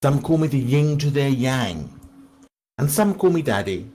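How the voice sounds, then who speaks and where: Husky-voiced jokey man, fan podcast co-host. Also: mid-range voice, big pitch swings, unhurried, darkish tone. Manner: jokey, theatrical. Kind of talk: playful fan podcast banter.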